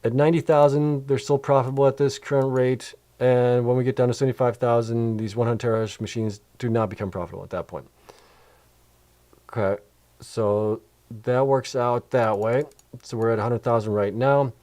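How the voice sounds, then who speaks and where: A man's voice: mid-range voice, fairly even intonation, normal speed, mellow. A man hosting a casual livestream, tired and yawning, thinking aloud as he rambles through spreadsheets and answers questions. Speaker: host of a crypto mining channel.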